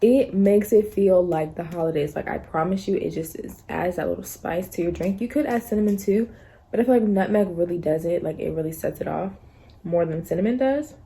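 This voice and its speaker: A young woman vlogging casually to her phone camera, rambling through stories in a chatty, animated way. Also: lowish voice, a little fast, breathy edge. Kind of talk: casual vlog chat.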